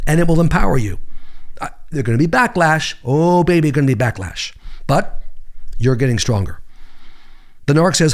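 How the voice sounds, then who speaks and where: A man's voice: fairly high pitch, lively intonation, a little fast. A middle-aged man hosting an advice podcast, delivering sarcastic comebacks in a wry, punchy way. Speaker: podcast host, psychologist. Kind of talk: advice talk to listeners.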